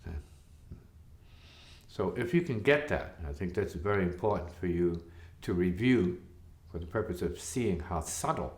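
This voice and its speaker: A man with a low voice speaks unhurriedly, his intonation lively. He's a spiritual teacher talking reflectively and rhetorically, often checking in with "see?". The room sounds echoey.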